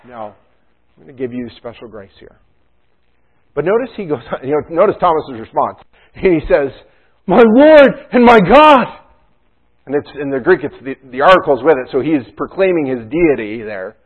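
Male pastor, casual joking sermon delivery, thin phone-line sound, mid-pitched voice. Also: slightly rough. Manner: casual, chatty asides and jokes. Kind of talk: conversational sermon.

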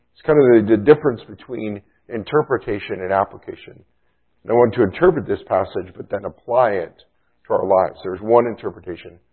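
A low, husky male voice preaching a sermon with emphatic, explanatory delivery. The recording is thin and phone-like. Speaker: pastor. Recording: tinny phone-like sound.

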